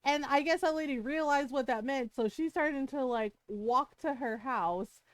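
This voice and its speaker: A woman streamer telling a story to her live chat, animated and profane, acting out what people said. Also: high voice, normal speed, dry recording.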